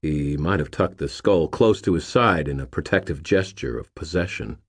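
A man narrating a story in the first person, in a dry, low manner. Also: moderate pace, husky. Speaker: audiobook narrator. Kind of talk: scripted narration.

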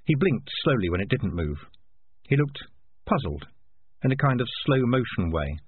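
Man narrating a storybook, husky and lively, tinny phone-line quality. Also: medium pitch, moderate pace. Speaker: audiobook narrator. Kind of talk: scripted narration.

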